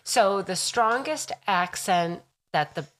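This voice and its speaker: A woman's voice: mid-range voice, expressive, slow pace, a little hiss or hum. A woman co-hosting a casual podcast, laid-back, often answering with short agreeing replies. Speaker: podcast co-host. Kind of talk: casual chat.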